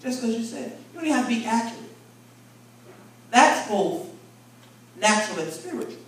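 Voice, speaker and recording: A bishop preaches a conversational sermon in a large church convention hall, using folksy, vernacular speech and trading call-and-response with the congregation. His very high, sing-song voice is a bit bright and fairly quick. He's recorded from far off, with echo and faint room noise.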